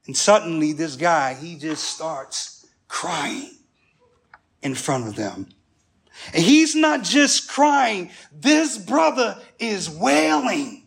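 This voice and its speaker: Slow, gravelly-voiced male preacher. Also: high-pitched. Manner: animated storytelling with humorous asides. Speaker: pastor. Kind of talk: sermon.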